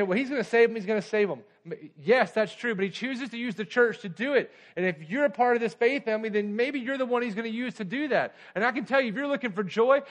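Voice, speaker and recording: High-voiced man preaching with urgency. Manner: conversational storytelling asides. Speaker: pastor. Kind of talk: sermon.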